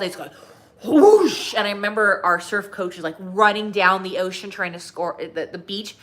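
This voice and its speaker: Woman, weight loss coach, chatty personal story, bright ringing voice, from southern california. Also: mid-range voice. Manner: chatty, lots of "like" fillers.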